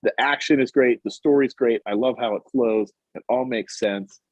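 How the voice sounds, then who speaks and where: A man's voice: mid-range voice, normal speed, a little mellow, dry recording. A man co-hosting a podcast, casually recapping a comic and acting out the characters' lines. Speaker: podcast co-host. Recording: dull, muffled audio.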